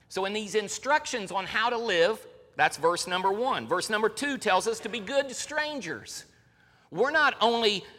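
A bright, high-voiced middle-aged man preaching from the pulpit, pressing each point hard and repeating words for emphasis. His sermon rings out with the long reverb of a church sanctuary. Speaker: pastor.

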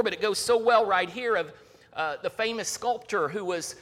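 A male pastor delivering an earnest sermon, his bright, forceful voice swinging from raised emphasis to quiet, solemn lines. He sits on the higher side for a man. A long reverb trails each phrase, as in a large sanctuary. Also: moderate pace.

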